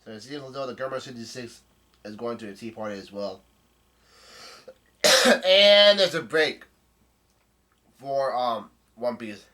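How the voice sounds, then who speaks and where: A man talks through a comic chapter in a casual, unhurried way. He stops and restarts often and drops an occasional swear word. His voice sits in an ordinary middle pitch. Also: lively intonation, pushed and bright. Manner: halting, laid-back, salty language. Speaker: manga chapter reader.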